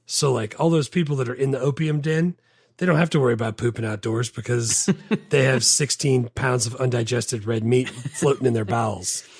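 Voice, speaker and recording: A man's voice: mid-range voice, steady tone, moderate pace, creaky, a little mellow, slightly rough, no echo, studio quality. A man from the American South with a Southern accent, co-hosting a casual, jokey movie chat. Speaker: podcast co-host.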